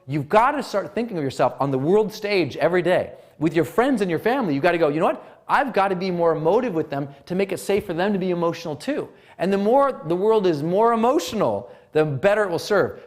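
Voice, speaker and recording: A man from Montana coaches experts on marketing, his voice swooping up and down as he pushes each point. His slightly high voice stays emphatic, almost singing the lines. He speaks like an instructor giving a pep talk. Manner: animated, sing-song emphatic delivery.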